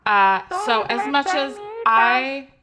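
A woman's voice: on the high side, slow, a loud crowd. A woman playing an oblivious home cook who forages mushrooms, talking breezily and then getting flustered.

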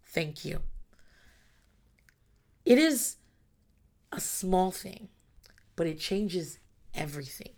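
A woman with a slightly low voice talks frankly about raising her kids. She swears freely and acts out little scenes, shifting into her kids' whiny voices and her own stern or thankful tones. Her delivery is animated and casual. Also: slow pace, long pauses. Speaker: parent. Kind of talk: casual talk to camera about parenting.

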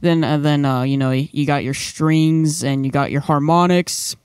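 A man's voice: on the high side, steady tone, moderate pace, clean tone, dry recording, studio quality. A young man co-hosting a casual podcast, rambling with lots of fillers into a microphone. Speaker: podcast co-host. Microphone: studio microphone.

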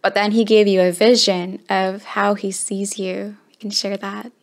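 A woman interviewer gently prompting her guest to share her story. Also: mid-range voice, flat delivery, a little slow. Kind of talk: interview questions.

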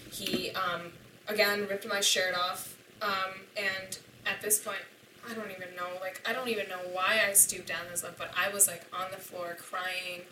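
A woman's voice: medium pitch, little pitch movement, moderate pace, noisy background. A young woman candidly recounting a painful personal story as a podcast guest, her speech full of "like". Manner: candid and emotional, filled with "like". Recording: roomy and distant from the mic.

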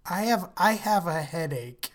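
A man's voice: high voice, expressive, a little slow. A young man co-hosting a podcast, giggling and breaking into wheezy laughs as he talks. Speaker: podcast co-host. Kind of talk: casual podcast chat. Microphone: remote internet recording.

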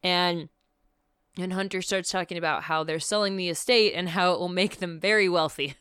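A woman chats through a film recap on a podcast, lively and profane, jumping into the characters' voices. Her tone is smooth and clear, and the sound is dry and close to the mic. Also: lowish voice, normal speed, no echo. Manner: animated, profane, acts out quotes with laughter. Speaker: podcast co-host. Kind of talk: casual movie recap chat.

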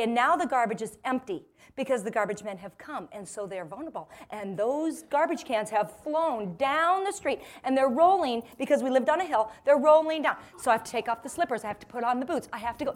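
A woman in her forties giving a humorous storytelling talk to a live audience, lively and self-mocking, laughing often and acting out what people said. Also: sits high, brisk. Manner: lively, self-mocking, acts out quoted voices. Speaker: motivational speaker.

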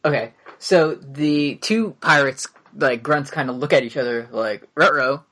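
A man's voice: mid-range voice, a little slow, fairly bright tone. A man narrating as game master in a tabletop game, casual and full of fillers. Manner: casual, hesitant with many fillers.

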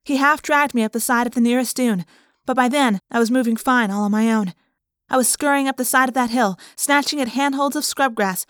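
Female audiobook narrator, lively first-person read, dry studio sound. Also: fairly high pitch, no echo.

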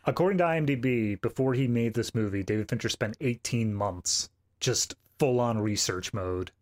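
Man calmly adding film trivia. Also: medium pitch, normal speed. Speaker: podcast co-host. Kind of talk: casual film review chat.

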